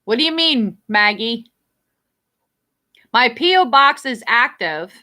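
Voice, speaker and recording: Blunt New Jersey woman, bright voice. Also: on the high side, expressive, takes it slowly. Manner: rambling, blunt, swears freely. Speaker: livestream host. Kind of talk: casual live-stream chat reading viewer comments.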